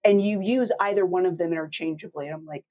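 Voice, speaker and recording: Animated storytelling woman, lowish voice. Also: fast, low-quality recording. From Texas. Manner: animated storyteller, mimics people with big pitch jumps. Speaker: law firm owner, host. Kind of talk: casual podcast chat.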